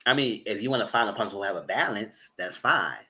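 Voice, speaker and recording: A man giving a live commentary on a reality dating show, retelling scenes and talking back to the people in them in a sassy, animated way. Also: fast talker. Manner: jumps to high squeals and laughing bursts.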